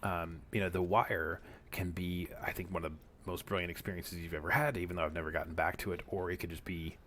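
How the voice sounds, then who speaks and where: A man's voice: deep voice, fairly even intonation, quick pace, fairly bright tone, slight background noise. A man streaming a video game, chatting casually and rambling with many fillers and asides. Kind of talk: casual gameplay commentary.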